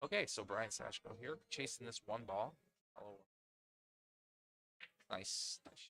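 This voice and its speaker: A man's voice: on the low side, lively intonation, a little slow, vocal fry, sharp tone. A man with a Northeastern Pennsylvania accent giving chatty live commentary on a pool match, often laughing and restarting his phrases.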